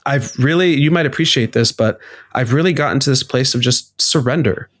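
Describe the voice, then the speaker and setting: A man as a podcast guest, talking candidly and reflectively in a casual interview, now and then acting out his inner voices in a higher, sharper tone. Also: brisk, fairly bright tone, no room sound, clean studio sound.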